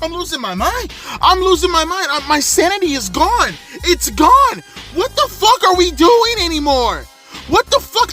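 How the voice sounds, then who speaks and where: A man in his thirties rants from inside his car in a high, piercing voice, swearing nonstop and circling back over the same complaints with mounting exasperation. Faint music hums underneath. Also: sharp tone. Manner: exasperated, repetitive, swearing constantly. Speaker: wrestling show reviewer. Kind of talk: angry profane rant.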